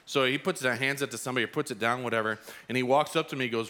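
A man's voice: medium pitch, racing, sharp tone. A man preaching a sermon as pastor, telling a personal story with acted-out quotes. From Arizona.

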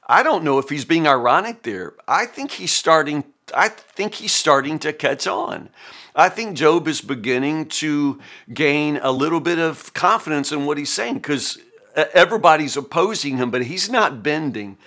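A man's voice: a little high, lively intonation, moderate pace, pushed and bright. A middle-aged man hosting a Bible reading podcast, giving casual spoken commentary while thinking aloud, with frequent restarts and "you know".

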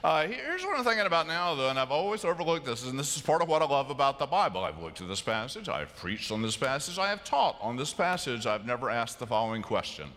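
A middle-aged man preaching a sermon in a large church, telling stories with sudden loud bursts and sharp shifts in volume. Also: medium pitch, sing-song, fast, hardly any pauses. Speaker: pastor. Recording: long church reverb.

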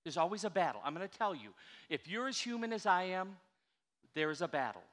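An older man preaching a sermon in a church, chatty and animated, coaxing his congregation to answer back. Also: high voice, fairly quick. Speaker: pastor. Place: church sanctuary. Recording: reverberant church hall.

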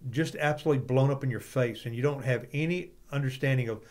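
A man leads a relaxed Bible discussion with a conversational, chatty delivery. He leans on small fillers and keeps the tone informal. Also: medium pitch, fast. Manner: loose and chatty, leans on "you know". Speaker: Bible class leader.

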